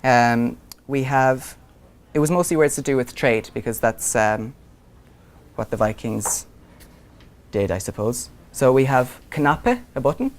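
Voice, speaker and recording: A man in his younger years lectures a university class in a lecture room. His pitch sits in the middle, and his delivery is conversational and unhurried. He fills his pauses with ums as he thinks aloud. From Ireland. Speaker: visiting lecturer.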